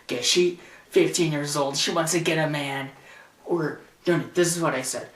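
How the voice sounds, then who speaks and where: A man's voice: a little high, steady tone, normal speed, fairly bright tone, echoey room, distant mic. A teenage boy ranting sarcastically and indignantly into a camcorder in his bedroom. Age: teens. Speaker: vlogger. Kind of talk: ranting vlog. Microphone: camcorder mic.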